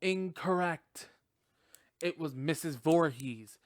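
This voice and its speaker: A man's voice: fairly high pitch, slow pace, no room sound. Brief: smug taunting killer on a phone call, played by a man, dry close sound.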